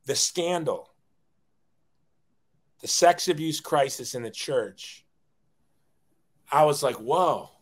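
A man's voice: fairly high pitch, expressive, slow, long pauses. A man in his forties, a guest telling his life story in a casual, self-deprecating way, often acting out quoted dialogue.

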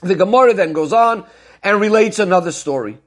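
A man's voice: high-pitched, expressive, a little fast. A man teaching as a Torah teacher, explaining a Talmudic discourse in a methodical way, posing questions and then answering them, and retelling stories step by step.

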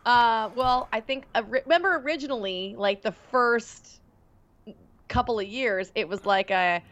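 A woman's voice: a little high, moderate pace, a bit bright. Chatty woman co-host on a dull line. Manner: chatty, many fillers like "like". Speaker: podcast co-host. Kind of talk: casual chat. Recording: dull lo-fi sound.

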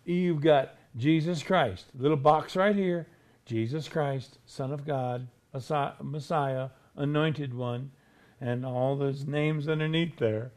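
A man preaching a sermon, emphatic, asking rhetorical questions and slowing down hard on key words. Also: fairly high pitch, a little mellow. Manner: emphatic, rhetorical questions, drawn-out slow stresses.

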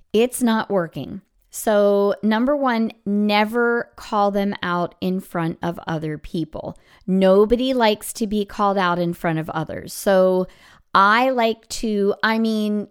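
A woman's voice: medium pitch, clear, resonant tone. A middle-aged woman hosting a podcast for music teachers, giving casual advice and acting out what she says to students. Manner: chatty, acts out classroom quotes.

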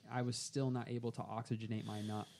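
A young man telling a personal story as a podcast guest, calm and unhurried. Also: fairly low pitch, gravelly, slight background noise.

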